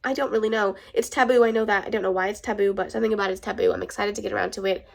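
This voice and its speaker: A woman's voice: mid-range voice, fairly even intonation, very fast, vocal fry. A woman with a stuffed-up nose, chatting casually and gushing as a book vlogger, swearing now and then. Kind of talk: casual chat.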